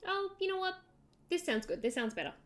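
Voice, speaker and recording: A woman's voice: very high-pitched, very animated, fairly quick, fairly bright tone. A young woman from Australia with an Australian accent, chatting casually and rambling as she streams herself drawing and answers chat. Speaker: livestreamer.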